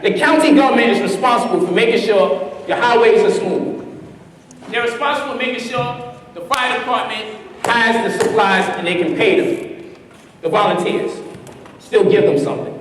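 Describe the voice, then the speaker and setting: A man teaching a live seminar to a room of people, lively and laughing, often putting questions to the audience. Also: very high-pitched. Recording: distant echoey hall, faint noise.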